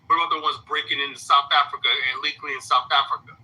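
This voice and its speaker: In a played clip, a male commentator reacts heatedly, firing off blunt rhetorical questions and repeating himself. His mid-range voice is steady, husky and sharp, racing along, and the recording is rough.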